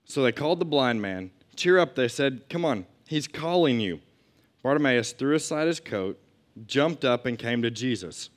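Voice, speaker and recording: A man's voice: medium pitch, animated, moderate pace. A man teaching a Bible lesson to a group in a conversational way, reading scripture and adding asides and questions.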